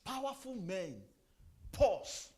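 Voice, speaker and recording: A man's voice: very high voice, lively intonation, takes it slowly, dark tone. A middle-aged man giving a motivational sermon, firing rhetorical questions, repeating phrases and giving the audience commands. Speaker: motivational speaker.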